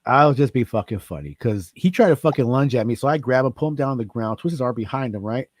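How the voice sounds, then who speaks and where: A man's voice: mid-range voice, quick pace, no echo. A man telling rambling, profane stories in casual chat on a livestream. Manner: profane, animated storyteller.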